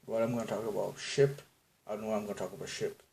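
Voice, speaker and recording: A man's voice: on the low side, rapid-fire, creaky, darkish tone. A man from Bangladesh hosting a casual solo podcast, rambling through tangents, self-deprecating, often laughing at his own jokes. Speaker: podcast host.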